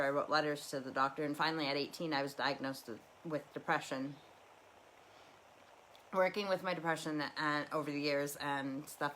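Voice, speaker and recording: Low-voiced woman rambling candidly at home. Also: sharp tone, a little hiss or hum, poor audio. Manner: rambling, candid, lots of restarts. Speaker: livestream host. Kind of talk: casual personal talk. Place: living room.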